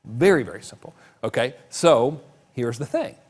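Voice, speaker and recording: A man's voice: mid-range voice, normal speed, breathy edge. Middle-aged guy teaching an online course, voice bouncing up and down, jokey and loose. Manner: joking, lively, talks with emphasis. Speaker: marketing course instructor. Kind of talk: casual teaching to camera.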